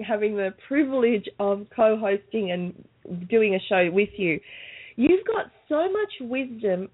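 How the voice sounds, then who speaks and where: Higher-voiced woman host on a phone line. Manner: warmly praising, asks long questions. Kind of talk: casual interview chat.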